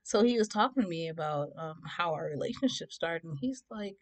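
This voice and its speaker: A young woman telling a story to camera in a chatty, animated way, acting out what people said and laughing along. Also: mid-range voice, fast talker, hardly any pauses. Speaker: vlogger. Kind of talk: casual storytime.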